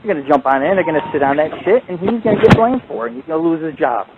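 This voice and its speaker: A man hosting a paranormal radio show, telling a long, profane, rambling ghost story in a casual, animated way. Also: fairly high pitch, rapid-fire. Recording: tinny phone-like line with faint hiss.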